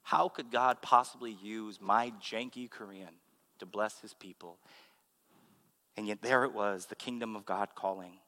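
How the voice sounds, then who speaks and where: A man, a pastor, giving a sermon with animated, humorous storytelling. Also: on the low side, measured pace. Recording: long hall reverb.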